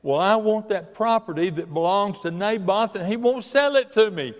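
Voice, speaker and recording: A man's voice: sits high, moderate pace, voice pushed up, natural voice. A man doing a sulking, whiny king. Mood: sulky. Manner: whiny, sulky. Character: sulking king pouting like a child. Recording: long church reverb.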